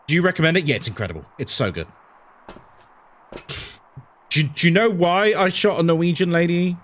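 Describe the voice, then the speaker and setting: Lively man telling game stories. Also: on the high side, a little fast. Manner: animated, rambling storyteller who repeats himself. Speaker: streamer. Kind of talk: casual chat on a horror game stream.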